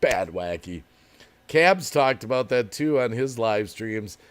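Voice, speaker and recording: A man's voice: medium pitch, measured pace, clear, resonant tone. A man hosting a casual livestream, reading viewer comments aloud, chatting and laughing often. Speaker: livestream host.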